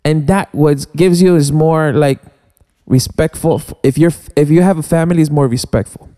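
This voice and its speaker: A man in a casual studio chat, his voice mellow and smooth, sitting a touch higher than most men. He speaks haltingly, circling back with restarts and filler as he recalls his DJ years. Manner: halting, many restarts and "you know". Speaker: guest DJ. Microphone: studio mic.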